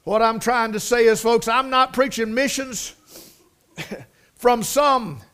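Slow and clean in tone, a middle-aged man's fairly high voice carries a folksy, heartfelt sermon. He leans on repetition for emphasis. He shifts between hushed delivery and loud, fervent outpourings.

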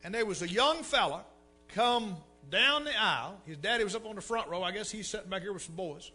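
A middle-aged preacher, telling a story in a folksy, animated way and repeating words for effect. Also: male voice, high voice, brisk, breathy edge, soft background music. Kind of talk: sermon storytelling.

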